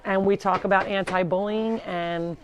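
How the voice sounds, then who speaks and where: Brief: a chatty woman hosting a live farm tour, mid-pitch, talking to viewers and calling to her animals as she walks. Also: fairly even intonation, moderate pace, highs cut off, background noise. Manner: chatty, talks to the animals while touring. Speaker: animal sanctuary host. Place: farm, walking between buildings.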